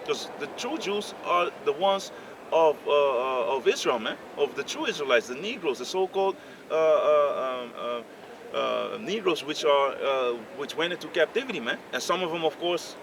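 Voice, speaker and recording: A man in a casual group discussion who speaks haltingly with many fillers and builds into heated rhetorical questions. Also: on the high side, expressive. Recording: distant mic, clear outdoor noise.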